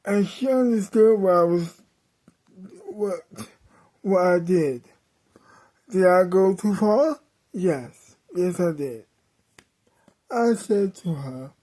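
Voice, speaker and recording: A woman tells a comic story at an unhurried pace, her voice mellow and soft-edged. She plays it dramatically, stopping to correct herself and sometimes bursting out. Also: fairly low pitch, expressive. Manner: dramatic, with self-corrections and sudden outbursts. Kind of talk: comedic storytelling.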